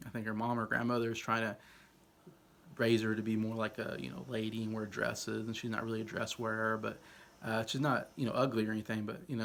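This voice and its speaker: Casually ranking old films, a reviewer with a fairly low, fairly bright voice wanders from point to point. His talk is thick with fillers and hedges.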